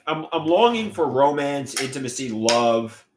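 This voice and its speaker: A man's voice: mid-range voice, very animated, a little slow, noisy background. Lonely man rambling, pleading, voice leaping. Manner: repeats himself, trails off, bursts into yelling. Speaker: livestreamer. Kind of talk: rambling monologue to camera.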